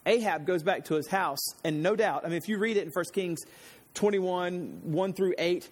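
A man's voice: high-pitched, moderate pace. A man preaching a casual Bible-teaching sermon, retelling scripture stories in everyday slang like a chatty storyteller. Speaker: pastor.

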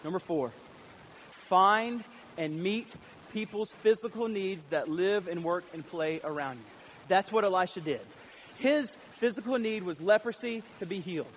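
A male pastor delivering a sermon in a fairly high voice. He is animated and slips into character voices as he tells the story. Faint noise sits under the recording. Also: moderate pace, poor audio. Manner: animated, acts out voices of biblical figures.

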